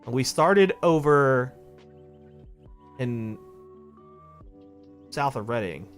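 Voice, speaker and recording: A man's voice: medium pitch, lively intonation, extremely slow. A man chatting casually on a live stream while playing a game, rambling, thinking aloud and swearing freely. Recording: clear music playing behind.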